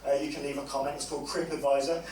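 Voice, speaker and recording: A male stand-up comedian with a fairly high voice and a crude, matter-of-fact delivery, bantering with the crowd. He is heard from the audience side of a comedy club, in a very roomy space, with loud crowd noise all around. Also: little pitch movement, rapid-fire, recorded from a distance. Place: large comedy club stage.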